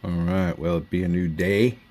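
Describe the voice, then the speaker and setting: A man's voice: low voice, steady tone, moderate pace. A man hosting a solo board game, reading card text aloud and musing over each draw with easy fillers. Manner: hushed and quiet at first. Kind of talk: casual gameplay commentary.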